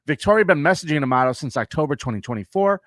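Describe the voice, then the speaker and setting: A man's voice: fairly high pitch, expressive, racing, a bit bright, no echo. Podcast co-host, man, middle-aged, dry booth sound, casual swearing comic delivery. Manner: reads news story aloud with jokes, swears casually. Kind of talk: casual comedic chat.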